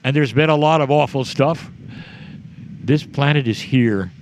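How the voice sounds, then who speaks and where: A man delivering a channeled spiritual message to a live audience, speaking in short measured phrases and addressing the listeners directly. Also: mid-range voice, slight background noise.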